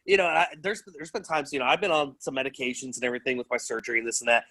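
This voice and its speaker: A man's voice: mid-range voice, expressive, rapid-fire, sharp tone. A man co-hosting a casual podcast, speaking candidly and laughing often. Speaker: co-host. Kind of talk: casual chat.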